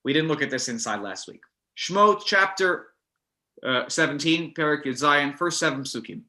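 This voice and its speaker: A man teaching a text study class, animated, with many restarts, acting out the verses. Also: a little high, moderate pace.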